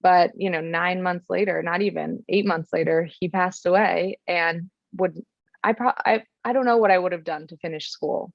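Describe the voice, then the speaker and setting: Young woman podcast guest with a gravelly, slightly low voice. Earnest, reflective storyteller. Dull, dry recording. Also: steady tone, moderate pace, no echo. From Florida, USA. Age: young adult. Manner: earnest and reflective, many ums and restarts. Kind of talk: casual personal storytelling.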